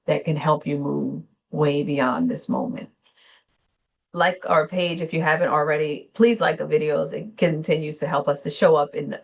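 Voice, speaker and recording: A woman therapist hosting a gentle wellness talk, speaking slowly and soothingly, unscripted, with small self-corrections along the way. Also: deep voice, vocal fry, husky. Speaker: therapist and channel host.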